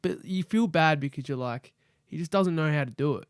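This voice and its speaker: An Australian man with a fairly high voice, chatting loosely on a podcast. He rambles and swears without a second thought. His voice sounds close and dry, with almost no room behind it. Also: brisk, clean tone, dry recording. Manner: laid-back, rambling, swears casually. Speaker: podcast co-host. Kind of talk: casual chat. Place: studio.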